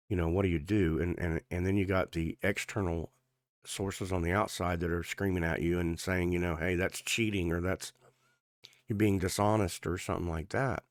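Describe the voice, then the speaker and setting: Deep-voiced man giving a rambling tarot reading. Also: dry recording, studio quality. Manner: rambling, earnest, many fillers and restarts. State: sore gums affecting speech. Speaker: tarot reader.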